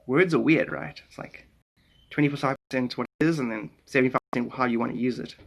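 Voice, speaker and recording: A man's voice: medium pitch, fast, vocal fry. A man from South Africa with a South African accent, chatting casually on a live stream, greeting viewers by name and musing aloud in a rambling way.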